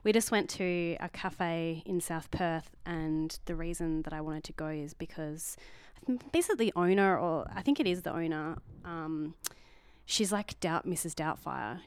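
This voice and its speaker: Woman, young, podcast co-host, rambling and chatty, smooth voice, dry close sound. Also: deep voice, unhurried, dry recording. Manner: chatty, rambling, laughing asides. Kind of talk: casual chat.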